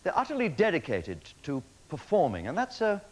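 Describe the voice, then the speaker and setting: A man's voice: on the high side, huge pitch swings, a little fast, rough recording. A man hosting a TV talent show, presenting acts with wry, mock-flustered jokes. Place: TV studio.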